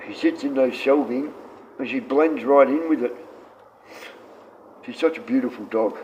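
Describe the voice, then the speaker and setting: On a casual live stream, a man in his sixties from Australia chats bluntly and rambles, reading out the chat and speaking to his dogs. He has a medium pitch, a darkish tone, and a moderate pace. Faint noise sits under the dull, lo-fi audio.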